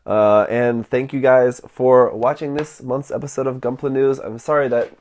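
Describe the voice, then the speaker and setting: A man's voice: medium pitch, level tone, moderate pace, darkish tone. A man hosting his model kit video channel, talking casually with many fillers and a nasal voice from a cold.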